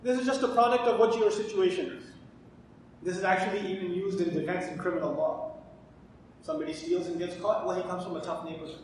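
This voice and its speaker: Man lecturing in an echoey hall. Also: fast. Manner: asks questions and answers them himself. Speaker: Quran teacher. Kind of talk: lecture on Quran commentary. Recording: echoey hall, distant mic, faint rumble.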